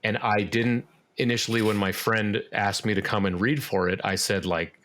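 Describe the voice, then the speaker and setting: A man's voice: fairly low pitch, fairly even intonation, normal speed, hardly any pauses, a bit bright. A man speaking as a podcast guest in casual interview chat, rambling with lots of fillers and restarts. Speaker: podcast guest, musician and actor.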